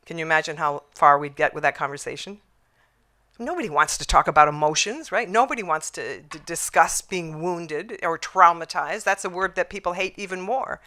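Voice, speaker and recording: A woman's voice: fairly low pitch, moderate pace, pushed and bright. A middle-aged woman giving a conference talk about resolving conflicts, telling her story reflectively, with restarts and fillers.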